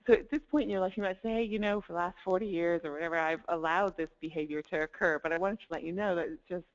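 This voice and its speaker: A woman's voice: lowish voice, fairly even intonation, fast talker. A woman coach giving a webinar talk, upbeat, laughing lightly between points and demonstrating tones of voice. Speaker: life coach presenting a webinar. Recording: dull lo-fi webinar audio.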